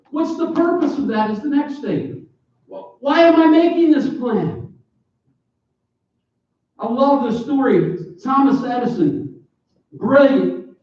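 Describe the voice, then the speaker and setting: High-voiced preacher in an echoey hall. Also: male voice. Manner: animated, joking, with sudden loud bursts. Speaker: pastor. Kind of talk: sermon. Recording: echoey, distant, dull church PA recording.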